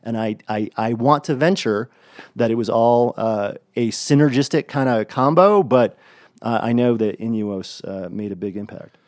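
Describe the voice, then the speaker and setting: A man's voice: medium pitch, normal speed, darkish tone, no room sound, clean studio sound. A man co-hosting a podcast in casual chat, blunt and enthusiastic, with frequent fillers and restarts. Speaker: podcast co-host.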